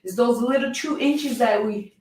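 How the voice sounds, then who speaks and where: A female fitness coach with a fairly high, slightly mellow voice speaks at a moderate pace during a live workout class. Shaking while holding the plank she's demonstrating, she energetically coaxes her viewers. Her voice is distant from the mic in a very echoey room.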